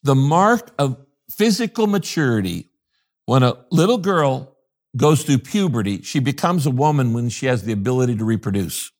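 A man's voice: medium pitch, lively intonation, normal speed. An older man, a pastor from the United States, talking in an interview in an emphatic, preacherly way and repeating his key phrases. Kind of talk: interview conversation.

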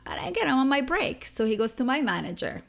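A young woman from Venezuela, a guest telling her story in a casual interview, lively and acting out the people she quotes. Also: high voice, fast talker, vocal fry. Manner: animated, acts out quoted people.

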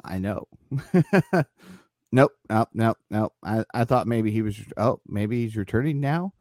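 A man's voice: fairly low pitch, lively intonation, slow, darkish tone, no echo. A man co-hosting a podcast, chatting casually and laughing often while looking things up. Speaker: podcast co-host. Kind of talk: casual chat about wrestling.

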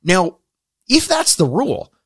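A man's voice: high-pitched, wildly swooping pitch, unhurried, a bit bright, slightly rough. A Canadian man co-hosting a podcast, chatting casually with lots of restarts, laughs and swearing. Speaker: podcast co-host. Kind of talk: casual podcast chat reviewing a show.

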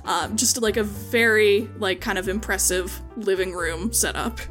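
A woman's voice: mid-range voice, measured pace, a bit bright, faint music behind. A woman narrating a tabletop game as game master, chatty and hedging with frequent likes and ums.

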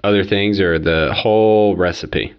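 A man co-hosting a podcast, speaking in a measured, hesitant way. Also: sits low, steady tone, smooth, lo-fi sound. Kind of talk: conversational podcast interview.

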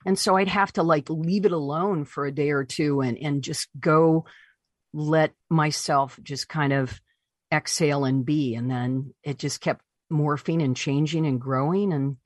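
Interview guest: woman, low husky voice, animated storyteller, dry close sound. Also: measured pace, dry recording. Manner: animated, voices her own past reactions. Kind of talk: personal storytelling.

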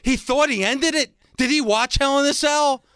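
A man hosting a wrestling show, pausing a clip to mock it in a sarcastic, laughing way. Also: extremely high pitch, sharp tone, no echo, clean studio sound. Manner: sarcastic, mocking, laughs often. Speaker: wrestling podcast host. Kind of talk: casual reaction commentary.

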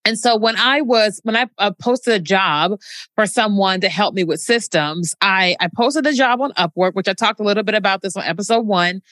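A woman in her thirties hosts her own podcast, chatting in a lively, colloquial way and leaning hard on the words she wants to land. She sits at a middle pitch for a woman. The sound is dry and close to the mic. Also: normal speed, no room sound. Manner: chatty, emphatic, colloquial storytelling. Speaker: podcast host. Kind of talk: casual solo podcast talk.

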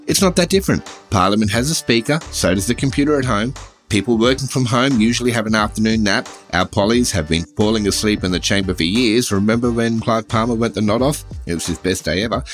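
Wry Australian man hosting a comedy podcast. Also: mid-range voice. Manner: sardonic, wry satirical delivery. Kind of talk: scripted comedy monologue.

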